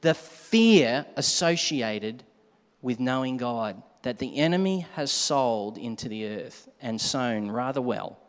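Male preacher, mid-pitched, animated, shouts and hushes for effect, long hall reverb. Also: slow pace. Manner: animated, shouts to act out a scare, drops to a hush for the night scene. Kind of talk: sermon.

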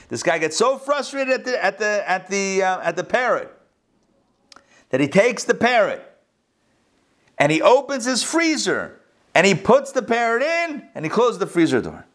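A man teaching a religious class, telling jokes as an animated, chatty storyteller before turning to the lesson. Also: high voice.

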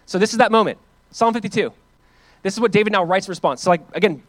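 Pastor, male, earnest preaching, slightly high voice, dry close sound. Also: a little fast, no echo. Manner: earnest, emphatic preaching with casual asides. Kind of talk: sermon.

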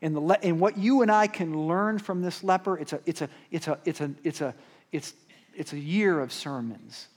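Male pastor, slightly high voice, chatty sermon delivery with big emphatic swells and hushed slow asides. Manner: conversational preaching with rhetorical asides and repeated "right?"; swings between emphatic rises and quiet, slowed-down drops.

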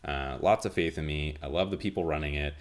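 A man hosting his own podcast, talking casually in a nasal monotone and rambling with lots of fillers and restarts. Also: rumbling low, fairly quick. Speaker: podcast host. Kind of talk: casual solo podcast chat.

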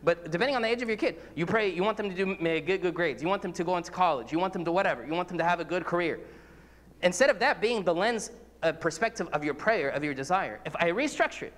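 A man's voice: high voice, fast talker, fairly bright tone, in a large hall. A man, a priest, preaching an earnest, conversational sermon, full of repetitions and everyday examples.

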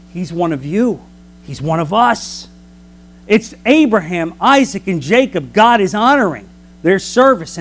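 Animated high-voiced man teaching Bible class. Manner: animated, preacherly, rhetorical questions.

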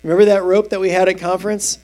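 A male preacher with a high-pitched voice teaching through scripture in a loose, conversational way. He throws questions out to the audience and uses plain everyday words to explain each verse. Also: level tone, fast talker, a little mellow. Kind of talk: expository sermon.

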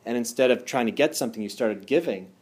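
A man's voice: mid-range voice, quick pace, breathy edge. Earnest man asking rhetorical questions. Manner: earnest, asks rhetorical questions, many fillers. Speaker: energy healer giving a talk. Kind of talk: casual motivational talk.

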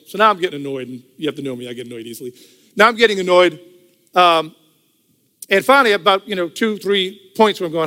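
A man's voice: on the high side, bright, forceful tone. An older man giving a church testimony in a conversational storytelling way, repeating phrases for emphasis. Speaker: testimony speaker. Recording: hall with long reverb.

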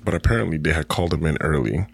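A young man with a very low, husky voice tells a story in casual podcast chat. He talks in an animated way, repeats himself often and laughs as he goes. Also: racing, no room sound. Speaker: podcast co-host.

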